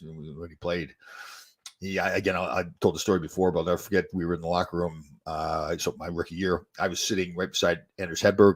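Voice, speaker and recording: Fast-talking husky-voiced older man. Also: low-pitched. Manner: rambling, restarts often, chuckles at own stories. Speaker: podcast host and former hockey player. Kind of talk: casual storytelling chat.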